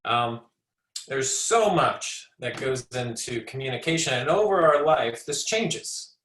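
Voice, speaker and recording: A man's voice: medium pitch, animated, a little slow, fairly bright tone, echoey room, slight background noise, poor audio. A man in his forties, a speech pathologist, giving an informal educational talk in a conversational way, often restarting his words. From United States. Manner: conversational, repeats and restarts words, acts out short examples.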